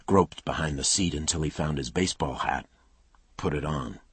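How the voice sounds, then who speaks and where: A man narrates a crime thriller in clipped, tense phrases. His voice is extremely low and markedly husky, recorded close and dry. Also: normal speed, fairly bright tone, no room sound. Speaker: audiobook narrator.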